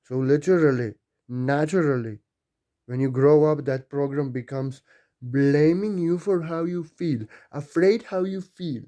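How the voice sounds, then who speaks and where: A man giving a spiritual talk, repeating phrases emphatically and building to loud bursts. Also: on the high side, measured pace. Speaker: spiritual teacher.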